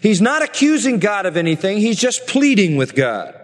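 A man's voice: high-pitched, very animated, normal speed, big-room sound. A man preaching a sermon, earnestly explaining and paraphrasing scripture. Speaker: pastor.

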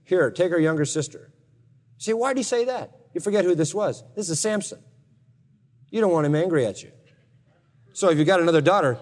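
This sermon features a pastor with a rather high, darkish voice explaining a Bible passage. He narrates it in a casual, wry style with remarks aimed at his hearers, and the hall adds a long reverb.

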